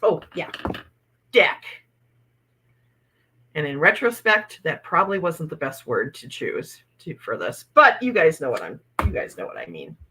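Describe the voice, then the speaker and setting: A woman's voice: deep voice, big pitch swings, a little slow, pushed and bright, breathy edge, poor audio. A woman, hosting a casual livestream from home and laughing often. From Wisconsin. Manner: chatty, laughs often, upbeat. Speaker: livestream host, oracle card reader.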